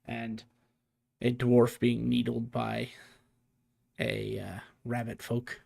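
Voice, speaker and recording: Male game master, mid-pitched voice, narrates the scene off the cuff, with fillers and restarts. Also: completely flat delivery, slow, gravelly, a little mellow. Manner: thinking aloud, frequent fillers and restarts, amused.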